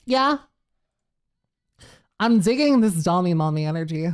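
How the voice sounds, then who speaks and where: A woman's voice: fairly low pitch, animated, unhurried. A woman live streamer chatting casually with her viewers, reading messages aloud, laughing often and swearing freely. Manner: giggly and profane, reads chat aloud.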